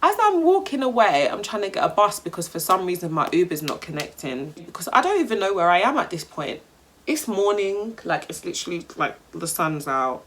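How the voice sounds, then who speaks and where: A young woman with a London accent telling a storytime vlog in an animated, slangy way, swearing freely. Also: lowish voice, a little fast, a little hiss or hum. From England. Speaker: vlogger.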